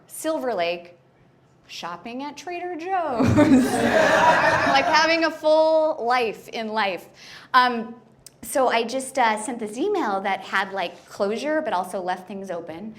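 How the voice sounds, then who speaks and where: Stand-up comedian, woman, slightly high voice, chatty self-deprecating storyteller with lots of "like". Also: a bit bright, a little hiss or hum. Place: comedy club stage.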